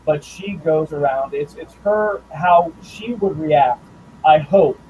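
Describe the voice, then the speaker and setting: A man who writes and draws comics, talking about his work in a casual interview, thoughtful and halting with fillers and restarts. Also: fairly high pitch, lo-fi sound, slight background noise. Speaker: comics writer and artist guest.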